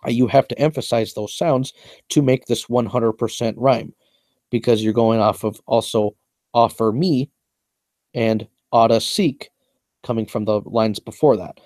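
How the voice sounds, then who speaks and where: A young man talks through his own rap lyrics line by line, boasting and repeating himself as he explains each rhyme. His voice is warm and mellow, recorded close and dry. He speaks in a casual, meandering monologue. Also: mid-range voice, fairly even intonation, measured pace, no echo. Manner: boastful, repetitive, explains at length.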